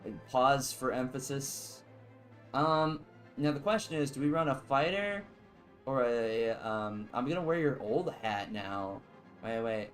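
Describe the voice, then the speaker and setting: A man's voice: medium pitch, expressive, unhurried, a bit bright, faint music behind, poor audio. A young man streaming casual live gameplay commentary, rambling and joking as he chats with his viewers.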